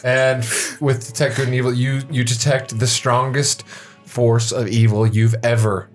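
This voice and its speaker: A man's voice: medium pitch, level tone, unhurried, soft background music. A man narrating as game master in a tabletop role-play, describing scenes loosely with many fillers and restarts.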